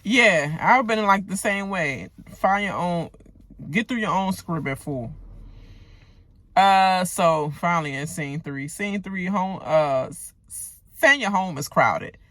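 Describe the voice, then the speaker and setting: Bright-voiced woman ranting about TV. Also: on the low side, slow pace, no echo. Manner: animated, profane, joking asides. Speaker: TV recap vlogger. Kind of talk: casual ranting recap.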